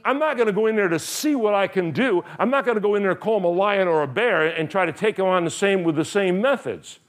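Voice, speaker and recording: A man's voice: high voice, quick pace. A middle-aged male pastor preaching a sermon, animatedly retelling Bible stories and acting out the characters' lines with frequent laughter.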